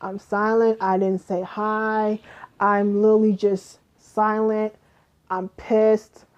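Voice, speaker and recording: A young adult woman casually retelling a story, animated and profane, acting out what everyone said. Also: medium pitch, takes it slowly, dull audio. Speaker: vlogger.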